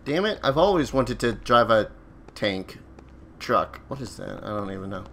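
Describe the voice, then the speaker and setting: A man's voice: on the low side, big pitch swings, normal speed, a bit bright, slight background noise. A man casually commenting while playing a video game, joking and yelping when startled. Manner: joking, exclaiming, easily startled. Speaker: let's player. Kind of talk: gameplay commentary.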